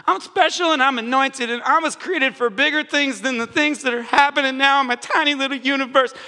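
A boastful, puffed-up churchgoer brags in a raised, bright, tense voice, as a preacher mocks him. The sound rings in a large hall with a long reverb. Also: male voice, very high voice, brisk, voice pushed up, exaggerated voice. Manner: bragging, puffed up. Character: boastful self-important young churchgoer man.

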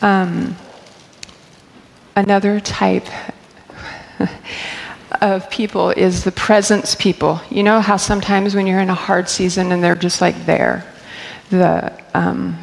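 A middle-aged woman shares personal stories from a church stage in a candid, chatty way. Her lowish voice carries a gravelly edge, and a long reverb trails behind her words in the hall. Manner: candid, chatty, laughs often. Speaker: church staff member speaking. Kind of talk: personal storytelling talk.

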